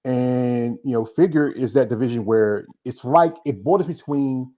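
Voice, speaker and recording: A man's voice: medium pitch, normal speed, warm tone. Rambling man host, dull lo-fi sound. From North Carolina. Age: 40s. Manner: rambling, repeats words, plays with accents. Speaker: interview host. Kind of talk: casual interview chat.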